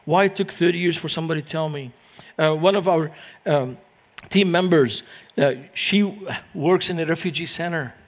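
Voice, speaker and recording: A middle-aged man from Lebanon, preaching in a lively storytelling manner as a guest speaker. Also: fairly high pitch, normal speed. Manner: animated, acts out quoted voices in anecdotes. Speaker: guest speaker, Christian minister. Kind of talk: storytelling sermon.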